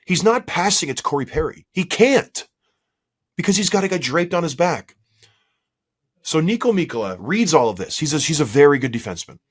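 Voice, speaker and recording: A hoarse man co-hosts a hockey podcast and tears into a defensive play, asking question after question in exasperation. His pitch swings widely as he gets worked up. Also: fairly bright tone. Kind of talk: heated sports analysis chat.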